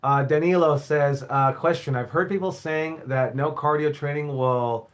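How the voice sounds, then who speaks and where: Wrestling coach, male, casual live Q&A host; rambling, repetitive delivery, a touch higher than most men. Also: fairly even intonation, moderate pace. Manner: rambling, repeats himself, swears casually. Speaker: wrestling school owner and head coach.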